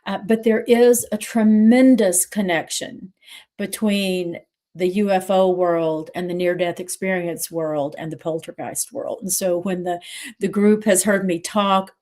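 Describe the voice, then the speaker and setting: A middle-aged woman moderator telling a personal story on a livestream, earnest and reflective, with pauses and restarts. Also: on the low side, a little mellow.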